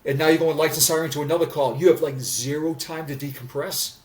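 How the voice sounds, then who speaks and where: Speaking quickly in a steady, slightly high voice, a man of about sixty who used to be a police officer tells frank stories on a podcast. He comes across earnest, restarting sentences and repeating words, and he sits far from the microphone.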